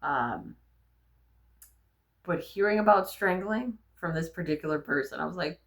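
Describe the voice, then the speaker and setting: Low-voiced woman telling frank, profane stories. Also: measured pace. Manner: frank, profane, animated storyteller. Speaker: vlogger. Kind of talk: candid personal storytelling.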